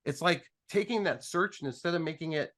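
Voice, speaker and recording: A man's voice: on the high side, fairly quick. A man telling a business story on a panel in a casual, joking way, acting out both sides of conversations, with frequent restarts. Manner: animated, joking, acts out dialogue with restarts.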